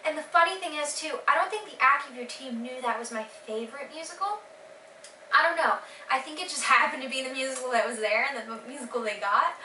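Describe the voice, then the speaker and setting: A teenage girl casually recounting her day in a vlog, gushing and excited with lots of fillers. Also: high voice, fairly quick, reverberant, far from the mic, a little hiss or hum, low-quality recording. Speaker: vlogger.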